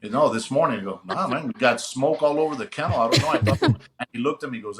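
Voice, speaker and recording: A man's voice: mid-range voice, quick pace, few pauses. A man, a retired police sergeant, telling a funny story and acting out the dialogue as he goes. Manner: animated, acts out dialogue. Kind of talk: casual storytelling. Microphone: remote call.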